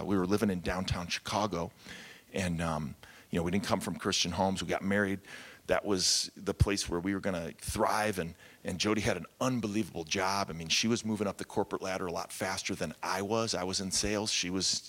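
A man's voice: low voice, fairly bright tone. A man, a pastor, telling his story in a candid, conversational sermon with self-deprecating humor.

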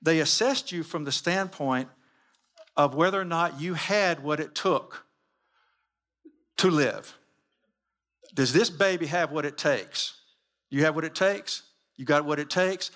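A man's voice: on the high side, measured pace, pauses often, fairly bright tone. A man giving a sermon-style teaching with slides, emphatic and full of repeated rhetorical questions. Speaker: Christian teacher.

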